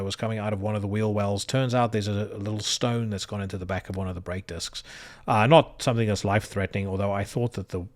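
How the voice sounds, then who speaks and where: A male podcast host with a somewhat low voice runs through the week's news in a loose, conversational way. His tone is sardonic and blunt, with plenty of swearing. He stops often on "uh" and "um". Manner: sardonic, profane, many "uh" fillers. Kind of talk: casual news roundup and opinion.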